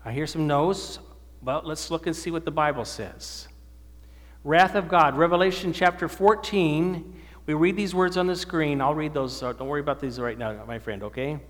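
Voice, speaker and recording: A man preaches a sermon in a slightly high voice, pausing to put questions to his listeners and answer them. His voice rings out with a long reverb tail, the sound of a hall. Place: church or meeting hall with an audience.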